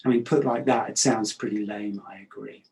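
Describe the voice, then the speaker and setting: Calm, measured man giving a talk. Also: fairly low pitch, gravelly, low-quality recording. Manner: calm, measured, with frequent hesitations. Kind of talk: reflective talk.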